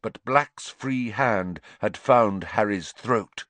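Guy narrating a story slow, bright voice, really dry close sound. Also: fairly low pitch, no room sound. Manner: dramatic, expressive storytelling. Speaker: audiobook narrator. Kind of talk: scripted narration.

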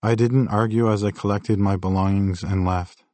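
A man's voice: on the low side, fairly even intonation, normal speed, a little mellow, no room sound. A man narrating his own memoir as a scripted audiobook, telling it in a candid, reflective first-person way.

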